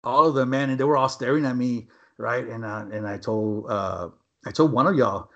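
A young man tells a story to his friends, rambling and swearing freely. He tags his sentences with "man" and "right?", and his mid-pitched voice comes through a dull, lo-fi recording. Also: normal speed, fairly bright tone. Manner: rambling, profane, many fillers like "man" and "right?". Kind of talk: casual storytelling among friends.

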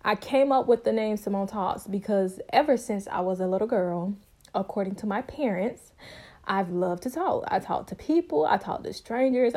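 A young woman hosting her own podcast, telling her story in a bubbly, talkative, casual way. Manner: bubbly, talkative, expressive with sudden high pitch jumps. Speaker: podcast host.

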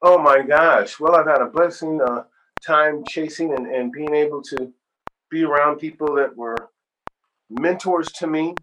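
An older man, a guest singer, telling animated stories in a casual interview. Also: a little high, a little slow. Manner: animated storyteller, acts out quoted voices. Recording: noisy background hiss.

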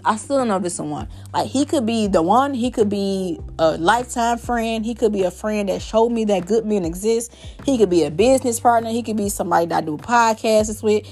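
A woman's voice: medium pitch, darkish tone. A young woman talking candidly and at length in a personal podcast monologue, rambling with many fillers.

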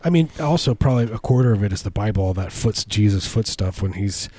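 Man with a dark, dry voice, rambling. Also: expressive, fast, dry recording. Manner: rambling, absurd storytelling with many restarts; jumps into high squeaky voices for quoted people. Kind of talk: casual comedic chat.

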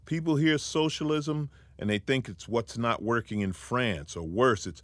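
A man's voice: mid-range voice, a little slow, fairly bright tone, no echo. A man co-hosting a talk show and giving his opinions assertively. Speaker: co-host.

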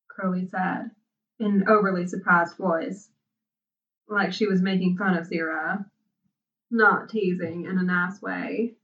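A woman narrating a story aloud in an unhurried, soft-spoken way. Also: on the low side, fairly even intonation. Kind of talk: storybook reading. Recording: dull, distant sound.

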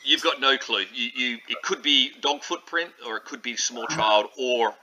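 A man's voice: medium pitch, moderate pace, bright, forceful tone, low-quality recording. A man narrating a tabletop role-playing game as game master, describing scenes with frequent restarts. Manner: hesitant, full of restarts while describing scenes.

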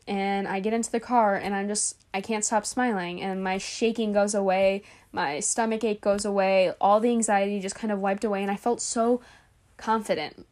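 A young woman in her own podcast, chatting openly and confessionally about herself. Her talk is loose and filler-heavy, with "like" scattered through it. Her pitch sits in an ordinary middle range for a woman. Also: a little mellow. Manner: candid, confessional storytelling. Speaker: podcast host. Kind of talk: casual podcast monologue.

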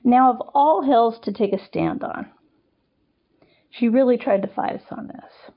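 A woman's voice: fairly high pitch, a little slow, gravelly, muffled recording. A woman podcast host reading a first-person story aloud in a conversational, wry storytelling manner.

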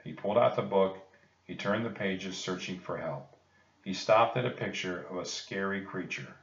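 A man reading a children's storybook aloud in a calm, measured way. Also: low-pitched. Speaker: narrator. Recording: echoey, distant and muffled.

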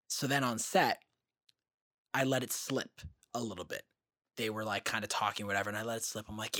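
A young man co-hosting a casual chat, telling animated stories with swearing and acted-out quotes. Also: on the low side, quick pace, no room sound, studio quality. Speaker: podcast co-host.

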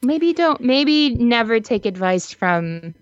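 A woman with a fairly high, very lively voice chats as a podcast co-host, unhurried and giggly. Her reactions stretch out playfully. The recording is slightly dull and dry. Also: no room sound. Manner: animated, giggly, drawn-out reactions. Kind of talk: casual chat.

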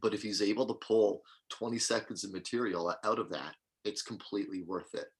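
Male co-host, low and husky, casual talker, reads posts aloud. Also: a little fast. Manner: reads forum posts aloud, thinks out loud. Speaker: podcast co-host. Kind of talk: casual chat.

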